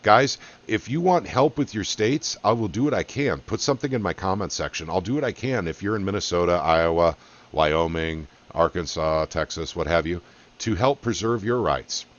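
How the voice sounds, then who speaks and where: A man's voice: low voice, expressive, moderate pace. A middle-aged man hosting a podcast, giving an impassioned, folksy political monologue that rallies his listeners. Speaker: podcast host. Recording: dull lo-fi audio.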